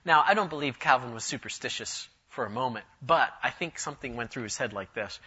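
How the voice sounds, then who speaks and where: A preacher delivers a sermon in a mid-range voice with a bright, forceful edge and husky grain, talking a little fast with few pauses. He tells his story with animation, his voice climbing and swelling as he drives each point home, though the recording sounds dull and lo-fi.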